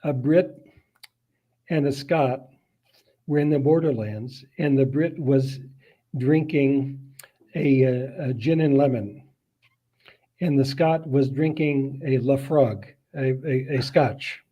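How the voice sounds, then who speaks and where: A man as a guest on a podcast, talking casually and telling jokes slowly and dryly. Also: mid-range voice, mellow, poor audio. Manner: slow, dry joke-telling. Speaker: guest scholar. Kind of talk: casual interview chat.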